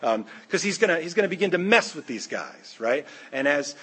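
A male pastor preaching a sermon, an animated storyteller who acts out the voices of the characters. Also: on the high side, fairly quick, slightly rough.

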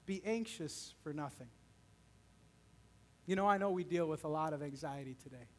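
A man's voice: a little high, normal speed. A man, a pastor, preaching a sermon and speaking directly to his congregation with frequent questions.

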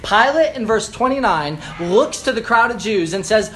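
A man preaching a sermon, earnest and explanatory, slowing down to stress key phrases and building emphasis. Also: high voice, animated, a bit bright, a little hiss or hum.

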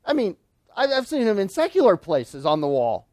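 Male pastor, high-pitched voice, emphatic sermon delivery, dry close sound. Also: wildly swooping pitch, a little mellow, no room sound. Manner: emphatic preaching, slowing and dropping low on key phrases.

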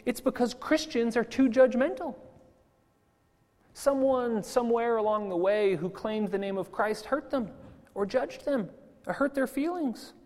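High-voiced man preaching in a reverberant church. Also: unhurried. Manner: lively, laughs at his own jokes. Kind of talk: sermon. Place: church sanctuary. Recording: long church hall reverb.

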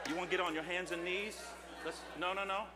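A male pastor preaching an impassioned sermon at a church service, rising to shouts. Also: high voice, fairly even intonation, fast talker, big-room sound, over a noisy crowd, very noisy.

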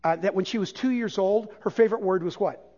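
Older man, pastor, high voice, animated conversational sermon, muffled lo-fi recording. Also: fairly quick. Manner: animated, conversational preaching with self-deprecating humor. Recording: dull, lo-fi church sermon recording.

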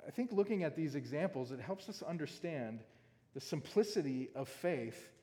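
A man's voice: on the high side, animated, normal speed, dark tone. A man preaching a sermon from a stage, reading scripture and then talking it over with the congregation in a conversational way, often asking "right?". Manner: conversational, asks the audience questions, often adds "right?". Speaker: pastor. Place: large hall with a stage. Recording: long hall reverb.

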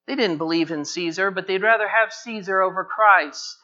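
A man's voice: high voice, normal speed, sharp tone. A man preaching a sermon as pastor, repeating phrases and building to urgent pleading. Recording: dull lo-fi church recording.

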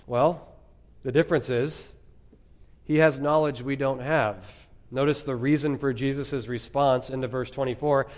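A man preaching an expository sermon as pastor, emphatic, with dramatic pauses and rhetorical questions. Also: mid-range voice, steady tone, darkish tone.

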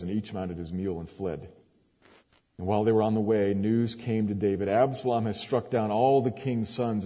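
A man preaching, reading scripture aloud in a measured, emphatic way with sudden rises. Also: lowish voice, dark tone, husky. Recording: long hall reverb.

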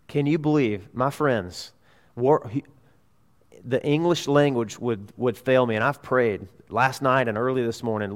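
A mid-pitched man delivers a sermon from a pulpit, earnest and emphatic. His voice swells on key pleas and drops to near-quiet asides. The sound carries the long reverb of a church sanctuary. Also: moderate pace. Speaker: pastor.

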